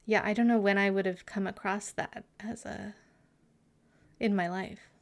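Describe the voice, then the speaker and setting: A woman's voice: mid-range voice, fairly even intonation, a little slow, vocal fry. A woman streamer in casual live chat with her viewers, chatty and giggly, sometimes muttering asides to herself.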